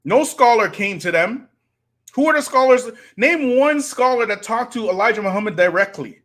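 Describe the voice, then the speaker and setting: A man's voice: very high-pitched, animated, normal speed, a bit bright. A man, hosting a live stream and preaching to his audience with rhetorical challenges. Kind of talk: impassioned live-stream commentary.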